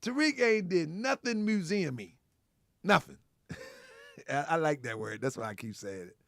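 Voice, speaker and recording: A man hosting a live show, loud and animated, laughing often, repeating himself and calling out to his chat and callers. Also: fairly high pitch, measured pace, gravelly, no room sound, studio quality. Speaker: livestream show host.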